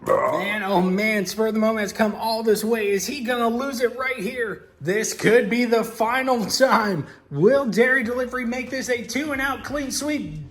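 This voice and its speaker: A man's voice: very high-pitched, moderate pace, a bit bright. A man hosting and commentating toy monster truck races from his home garage, in a hyped, dramatic announcer style. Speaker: host and race commentator. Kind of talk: excited race commentary.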